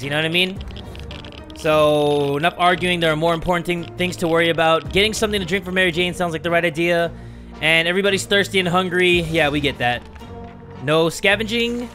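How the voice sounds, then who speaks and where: Bright high-voiced young man gaming. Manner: loud, swearing outbursts and yelling at the game; reads game text aloud in a mock-dramatic tone. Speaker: gaming YouTuber. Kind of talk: gameplay commentary.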